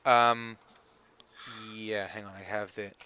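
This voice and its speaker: A man's voice: lowish voice, little pitch movement, takes it slowly, sharp tone, a little hiss or hum. A man narrating as game master, talking casually with lots of fillers. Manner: casual, filler-heavy, laughing often.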